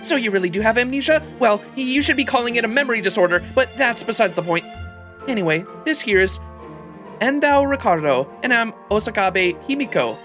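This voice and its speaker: A man voicing a bubbly, chatty teenage schoolgirl as he reads game dialogue aloud, pushing his voice high and eager. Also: lively intonation, fairly quick, fairly bright tone, faint music behind. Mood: excited. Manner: high, eager, run-on delivery.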